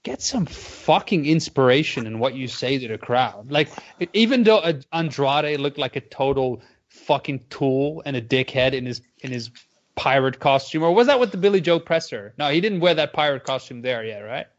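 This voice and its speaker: A man's voice: medium pitch, lively intonation, normal speed, dull audio. A man co-hosting a boxing podcast in casual, rambling chat, swearing a lot and laughing often. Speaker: podcast co-host.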